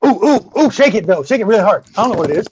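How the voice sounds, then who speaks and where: A man's voice: high voice, very animated, very fast, darkish tone, husky, low-quality recording. A man guest-hosting a podcast. He tells a story in casual chat, swears freely and acts out the people in it. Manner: acts out the people in his stories. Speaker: guest host.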